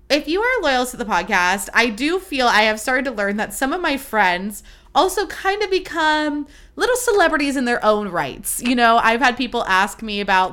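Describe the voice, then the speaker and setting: A woman's voice: medium pitch, pushed and bright. A young woman hosting her own podcast, chatting casually in a bubbly, gushing way and swearing freely. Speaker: podcast host. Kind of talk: casual solo podcast chat.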